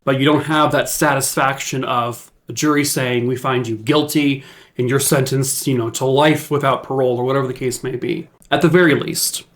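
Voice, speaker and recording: A man's voice: mid-range voice, steady tone, moderate pace, a bit bright. A man telling a true crime story in casual talk, blunt and emphatic, with lots of fillers. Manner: blunt and emphatic, with jokey sign-off; talks with many fillers and restarts.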